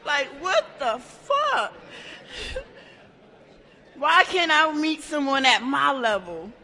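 A woman giving a raw, emotional personal share at a support meeting, talking in halting bursts with many restarts and plenty of swearing. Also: high voice, sing-song, bright, forceful tone. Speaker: member sharing at a support meeting. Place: meeting room. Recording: echoey hall.

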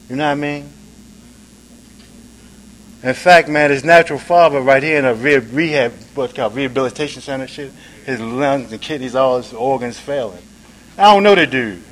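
A man speaks at normal speed with long pauses as he shares at a recovery meeting, casually tagging lines with "man," "right?" and "you dig?" His volume swings between soft and low and loud and emphatic, and the audio is poor.

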